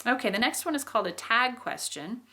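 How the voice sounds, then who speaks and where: A woman's voice: on the high side, expressive, a little fast, bright, forceful tone. Woman, teacher, patient explanations, frequent um and okay, exaggerated demonstrations. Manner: demonstrates phrases with exaggerated rises and falls. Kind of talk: explaining English intonation.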